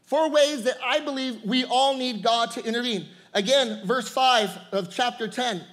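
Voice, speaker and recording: A man's voice: extremely high pitch, measured pace, fairly bright tone. A man preaching a sermon, repeating words and calling out to the congregation, laughing often. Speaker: pastor.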